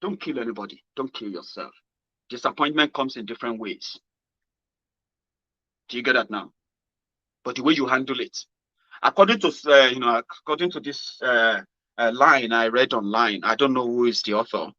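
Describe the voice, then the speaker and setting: Animated Nigerian man, bright and dry. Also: normal speed, pauses often, no room sound. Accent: Nigerian, with Pidgin. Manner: animated, swings from loud exclamations to low murmurs. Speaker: political commentary host. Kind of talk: casual motivational monologue. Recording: dull lo-fi sound.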